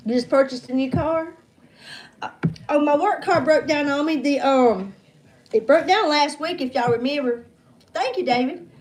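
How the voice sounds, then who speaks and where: High-voiced chatty woman in her fifties. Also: normal speed. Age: 50s. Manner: chatty, folksy, calls viewers hon and honey. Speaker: livestream trivia host. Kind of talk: casual livestream chat greeting viewers.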